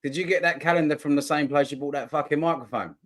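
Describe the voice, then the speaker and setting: A man's voice: a little high, quick pace. A man co-hosting a casual football chat, joking and matey with his co-host.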